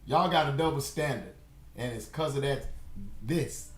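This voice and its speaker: A man giving casual, mocking commentary on a news clip, animated and laughing often, mimicking words he hears. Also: medium pitch, a little slow, echoey room. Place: home in Florida.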